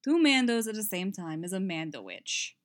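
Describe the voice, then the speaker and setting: A woman's voice: mid-range voice, big pitch swings, normal speed, dry recording, clean studio sound, lightly acted. A woman voicing a chatty, teasing male warrior who talks playfully. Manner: playful, rambling.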